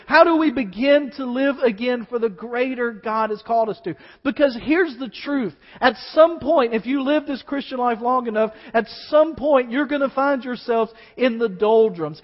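A middle-aged male pastor with a strikingly high voice preaches a sermon. He keeps it conversational, tossing rhetorical questions and wry asides to the congregation. His voice rings through a long reverberant sanctuary on a dull, muffled recording.

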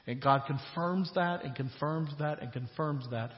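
A man's voice: on the high side, measured pace. A man preaching a sermon as pastor, retelling scripture in a casual, conversational paraphrase and building to emphatic points. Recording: dull sound with long hall reverb.

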